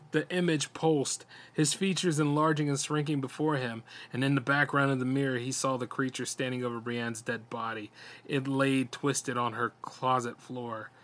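A man's voice: mid-range voice, fairly bright tone. Male horror story narrator. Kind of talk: dramatic horror story reading.

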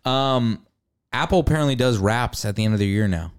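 A man's voice: medium pitch, fairly quick, clean tone. A young man hosting a podcast, chatting casually and teasing his co-hosts. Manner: joking, teasing, loose. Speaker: podcast host. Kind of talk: casual chat.

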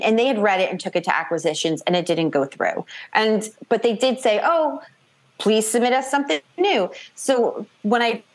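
Woman author from new york way, chatting about her books, bouncy and animated, puts on little voices. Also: medium pitch. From New York / New Jersey. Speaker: author guest. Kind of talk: casual interview chat.

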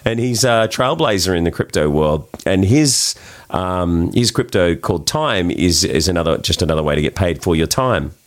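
Australian male guest, low-pitched, rambling storyteller. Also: normal speed. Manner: chatty, animated when telling stories, restarts and stammers. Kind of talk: casual interview storytelling.

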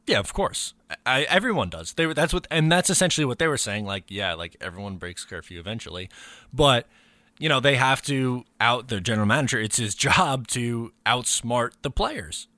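A man's voice: mid-range voice, expressive, normal speed, pushed and bright, dry recording. A man co-hosting a sports podcast, easygoing and agreeable, full of fillers. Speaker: podcast co-host. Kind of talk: casual sports chat.

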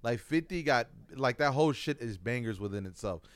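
A man's voice: medium pitch, animated, a little fast, no echo. A young man co-hosting a loose, profane podcast chat about music and sports, laughing often. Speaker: podcast co-host. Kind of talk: casual chat.

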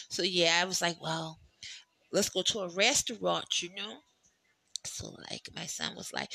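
A chatty solo podcast host with a bright, forward tone and a mid-range voice, recorded close and dry with no room sound. They tell loose stories, swear freely and laugh along the way. The talk wanders through plenty of "you know"s. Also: mid-range voice, takes it slowly, gravelly, pauses often, no echo. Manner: talks in rambling asides with many "you know"s. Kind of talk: casual solo podcast chat.

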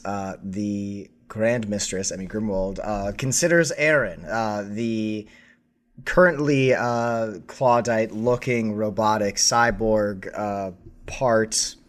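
A low-voiced man runs a tabletop game and narrates at a slow, easy pace. He fills his pauses with soft "uh"s while he sets the scene. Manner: unhurried, filler-heavy narration. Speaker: game master.

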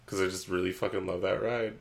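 A man's voice: sits low, flat delivery, quick pace, vocal fry. A man co-hosting a podcast, chatting casually and rambling, with frequent swearing. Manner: laid-back, swears freely, rambling. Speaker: podcast co-host. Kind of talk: casual chat.

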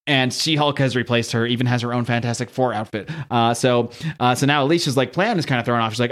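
A man talks quickly and loosely through a comic book recap, in a steady mid-range voice. He laughs now and then and slips into voices for the characters' lines. It is a casual podcast chat. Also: mid-range voice. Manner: fast, chatty, laughs often, reads comic lines in voices.

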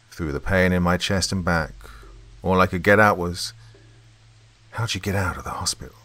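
A man's voice: sits low, fairly bright tone, dry recording. A man narrating a horror story in the first person, in a tense, dramatic way.

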